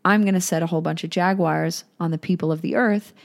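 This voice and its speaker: A woman's voice: on the low side, steady tone, fast talker, lightly acted. A woman voicing a bitter, one-legged old male god who swears and rants in indignation. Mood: outraged.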